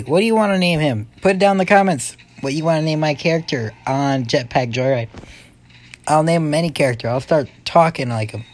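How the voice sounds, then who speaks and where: A young man giving excitable let's-play commentary, yelping and muttering to himself as he plays. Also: a little high. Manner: excitable, yelps and mutters to himself while playing. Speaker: gaming YouTuber.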